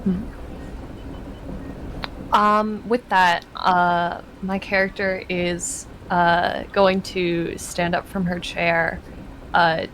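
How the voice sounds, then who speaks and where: A woman player describing her character's moves in a tabletop game. She talks slowly in a lowish voice, with plenty of "um" and "uh" as she hesitates over each step. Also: fairly bright tone, a little hiss or hum, low-quality recording. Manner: hesitant, many fillers.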